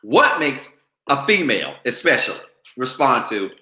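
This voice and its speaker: A man's voice: mid-range voice, very animated, moderate pace, bright, forceful tone, roomy sound. A man preaching a sermon, calling on his congregation to talk back to him. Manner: call-and-response preaching, goading the congregation. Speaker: pastor.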